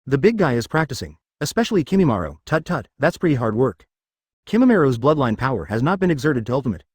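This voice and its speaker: Male narrator for a web novel, rapid and rambling delivery, very dry close sound. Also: mid-range voice, big pitch swings, breathy edge, dry recording.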